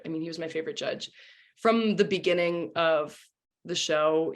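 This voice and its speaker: A young woman, a singer and former contestant, chatting casually in an interview with lots of "you know" and "um". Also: deep voice. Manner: chatty with many fillers like 'you know' and 'um'.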